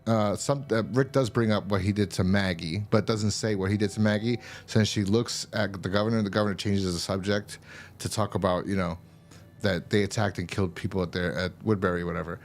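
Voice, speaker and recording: A man's voice: on the low side, steady tone, fairly quick, a little hiss or hum. A man hosting a show, casually recapping a TV episode in a loose, rambling way, full of fillers and swearing. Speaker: show host reviewing a TV episode.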